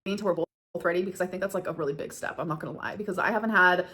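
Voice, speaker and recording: Woman vlogger, 30s, fast and rambling with fillers, Q&A format, emotional undertone. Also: fairly low pitch, pushed and bright. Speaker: vlogger answering viewer questions. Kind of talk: casual Q&A vlog.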